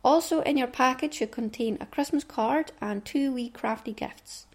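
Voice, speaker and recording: A woman's voice: sits high, moderate pace. Chatty Scottish woman podcaster. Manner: chatty, rambling, asides under her breath. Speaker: podcast host. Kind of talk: casual chat.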